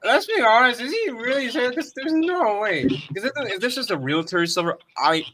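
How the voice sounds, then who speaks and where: A man joining a livestream as a guest in casual chat, quick and animated. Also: extremely high pitch, slight background noise. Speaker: stream guest.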